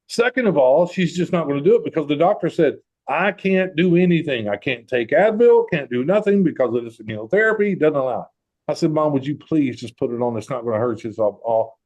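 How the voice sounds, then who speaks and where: A man's voice: a little high, brisk. A man hosting a group talk, telling a personal story and acting out the quoted voices. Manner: animated, acts out quoted voices. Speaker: host.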